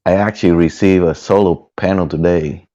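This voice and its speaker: A man with a low, deep voice talks casually into a cheap headset mic. He halts and restarts his words and laughs easily. The audio sounds muffled and lo-fi. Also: steady tone, normal speed, dark tone. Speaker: guest van dweller. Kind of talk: casual live-stream chat. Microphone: headphone headset mic.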